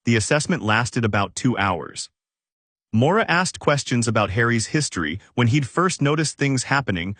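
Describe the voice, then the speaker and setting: A man reading a story aloud in steady, even scripted narration. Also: medium pitch, slightly rough, dry recording.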